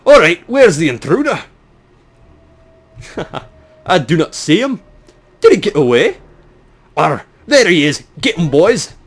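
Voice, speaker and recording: A man's voice: a little high, very animated, voice pushed up, exaggerated voice. A man voicing a boastful, taunting male shark pirate in a clumsy, exaggerated pirate accent. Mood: rowdy. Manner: gruff, taunting, drawn-out growls.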